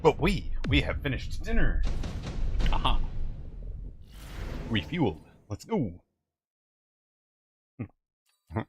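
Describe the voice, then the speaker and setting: A man's voice: mid-range voice, big pitch swings, measured pace, long pauses, over music. A man streaming a strategy game, chatting casually and musing aloud to his viewers. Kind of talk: casual live-stream commentary.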